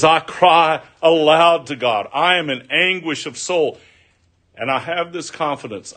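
An older pastor preaching a sermon, slow and earnest, rising to loud cries and sinking to near whispers. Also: male voice, mid-range voice.

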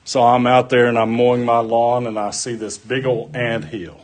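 A man preaching a sermon, deliberate and folksy, mixing scripture with homespun stories. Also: medium pitch, little pitch movement.

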